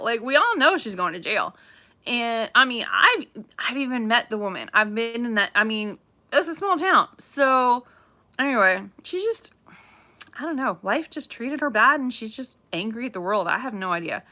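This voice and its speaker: A woman chatting casually on a livestream, gossipy and animated, repeating herself as she tells a local story. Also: a little high, normal speed. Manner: chatty, animated, says "craziness" often. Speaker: realtor livestream host.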